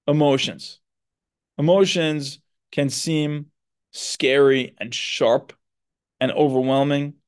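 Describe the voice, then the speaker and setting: A man's voice: medium pitch, darkish tone. A man who is a psychotherapist and podcast host, talking earnestly in a reflective monologue and stressing his points. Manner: earnest, explanatory, with emphatic stresses.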